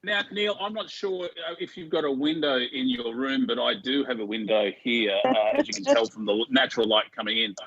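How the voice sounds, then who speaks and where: A man's voice: medium pitch, brisk, hardly any pauses, a bit bright, husky, no room sound. A man on a panel, telling jokes casually and chuckling often over a video call. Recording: dry, muffled video call audio.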